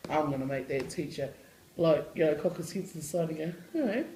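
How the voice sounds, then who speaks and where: A woman's voice: sits low, fairly even intonation, a little fast, warm tone, echoey room, a little hiss or hum, low-quality recording. A woman who works with school students, answering interview questions in a blunt, slangy way and laughing often. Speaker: school staff member working with students.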